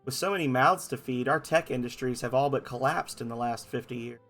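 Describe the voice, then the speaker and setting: A man narrates a game playthrough, reading all the dialogue in different playful voices and mocking his own performance. His mid-range voice is fairly bright and a little fast, with faint music behind it.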